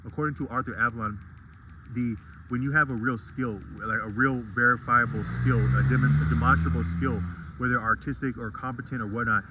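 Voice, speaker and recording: A man's voice: medium pitch, brisk, creaky, very noisy. A man talking through a casual vlog monologue, digressive and full of restarts and fillers. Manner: rambling and digressive, many restarts.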